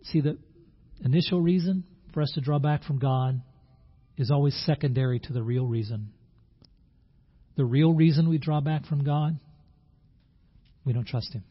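Male pastor, husky voice, earnest sermon, dull lo-fi recording. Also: fairly high pitch, moderate pace, long pauses. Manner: earnest, with repeated words and restarts. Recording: dull lo-fi sound.

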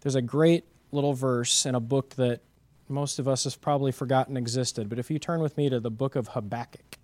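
A man giving a sermon as a pastor, moving from quiet reflection to loud, emphatic preaching full of rhetorical questions. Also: medium pitch, steady tone, brisk, no room sound.

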